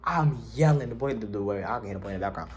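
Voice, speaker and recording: A man casually telling a personal story to his viewers, slangy and animated, jumping to high yells when he quotes himself. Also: racing, a crowd in the background. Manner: animated, slangy, swings to shrill yelling when quoting himself.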